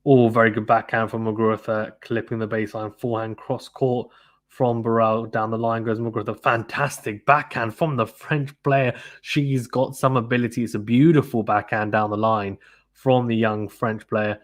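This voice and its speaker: A man's voice: medium pitch, little pitch movement, normal speed. A man doing live play-by-play tennis commentary on a stream, chatty and informal, stopping to read viewers' comments. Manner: chatty, reads viewer comments, fillers like "to be honest with you".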